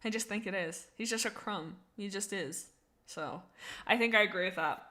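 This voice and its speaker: With a mid-range voice that sounds pushed and bright, a young woman reads out viewer comments at a moderate pace during a casual livestream. She's bubbly and giggly, rambling along with many restarts and laughs.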